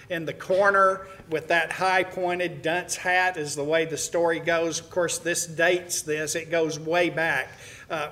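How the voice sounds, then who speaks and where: Bright-voiced, high-pitched male preacher. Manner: folksy storytelling with frequent "uh" and restarts. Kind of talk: sermon to a congregation.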